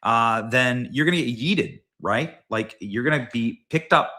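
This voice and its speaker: A man hosting a live political commentary stream from home, talking in a fired-up, emphatic way with sudden loud, high outbursts. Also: a little slow.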